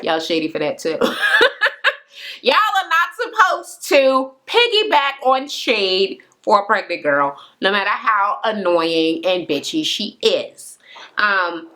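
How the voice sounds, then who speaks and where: A woman's voice: medium pitch, very animated, takes it slowly, sharp tone. A young woman casually recapping a reality show in a chatty, gossipy way, full of fillers and swearing.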